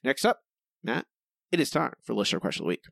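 A man's voice: mid-range voice, big pitch swings, quick pace, gravelly, a bit bright. A man co-hosting a podcast, reading listener reviews aloud in a wry, casual way. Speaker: podcast co-host.

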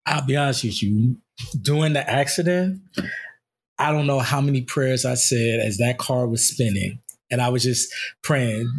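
Male, 30s, husky, mid pitch, candid rambling podcast co-host, still in pain. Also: moderate pace. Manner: candid, rambling storytelling with fillers. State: recovering from injury, in pain. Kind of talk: casual chat.

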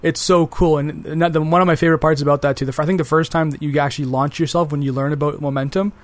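A man's voice: a little high, fairly even intonation, fast, no echo. A man co-hosting a casual podcast, speaking eagerly about games and repeating words as he thinks. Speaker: podcast co-host. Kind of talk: casual game discussion.

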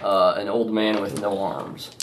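A man narrating as game master of a tabletop horror game, halting and full of fillers. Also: fairly low pitch, flat delivery. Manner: halting, many fillers and restarts. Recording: noisy recording.

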